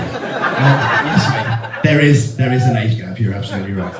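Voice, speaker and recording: A man's voice: mid-range voice, lively intonation, normal speed. A middle-aged man giving a teasing, heartfelt best man speech at a wedding reception. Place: wedding reception hall with guests. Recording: echoey hall from far off, crowd.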